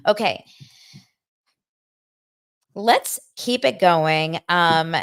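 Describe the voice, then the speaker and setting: A woman hosts her own show, talking into a microphone with a fairly low voice. She is personal and emotional, looping back and restarting her sentences. The sound is dry and close with no room around it. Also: extremely slow, clean tone, no echo. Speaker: host of a daily pop culture show. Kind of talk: candid casual chat. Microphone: studio microphone.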